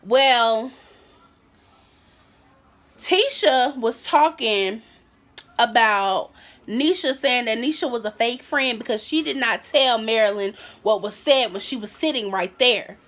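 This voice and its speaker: A young woman vlogger telling a high school story in a casual, animated way, acting out what people said. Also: slow pace. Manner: animated, acts out quotes.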